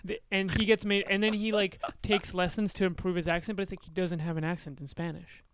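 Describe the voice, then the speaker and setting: A man's voice: high-pitched, fairly quick, smooth, no echo. A man in his twenties from Argentina, a podcast guest chatting casually and loosely, with lots of fillers. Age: 20s. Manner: relaxed, filler-heavy storytelling. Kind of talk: casual chat.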